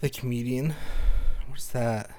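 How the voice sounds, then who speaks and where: A man co-hosting a relaxed podcast. He laughs often and jumps in with quick remarks. He retells clips by acting out each speaker's lines. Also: mid-range voice, a little hiss or hum. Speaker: podcast co-host. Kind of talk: casual chat.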